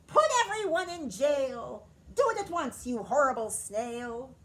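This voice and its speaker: A woman reading a picture book aloud and voicing a spoiled, bossy queen bee who yells and wails through her tantrums. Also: animated, slow pace. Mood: furious. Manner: shrill wailing tantrums, near crying.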